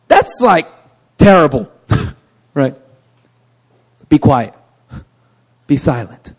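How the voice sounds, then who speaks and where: A man's voice: fairly high pitch, a little slow, long pauses, a little mellow, breathy edge. A middle-aged male pastor preaching with energy, often asking the congregation "right?" and laughing at himself. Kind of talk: sermon.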